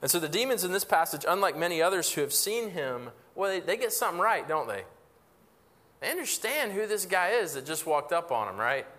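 A man's voice: high voice, very animated, fairly quick, pushed and bright. Preaching man in a reverberant hall. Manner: conversational preaching with frequent restarts and rhetorical questions. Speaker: pastor. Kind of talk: sermon.

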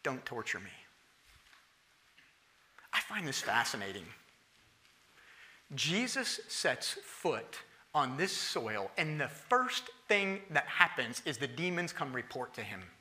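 A man preaching a sermon in a conversational, lively way. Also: medium pitch, takes it slowly. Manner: conversational and lively, acting out quoted voices.

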